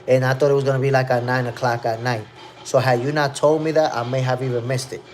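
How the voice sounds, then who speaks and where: A man's voice: medium pitch, fairly even intonation, normal speed. A man in his fifties hosting a live stream, chatting casually in slang and reminiscing as he reads out the chat. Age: 50s. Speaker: boxing podcast host.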